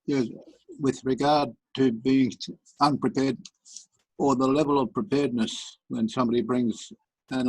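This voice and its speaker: A man with a gravelly, husky voice, speaking in a measured way on a video call. The sound is dry and close. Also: medium pitch, darkish tone, dry recording, low-quality recording. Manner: measured, ends turn with "over". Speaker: participant.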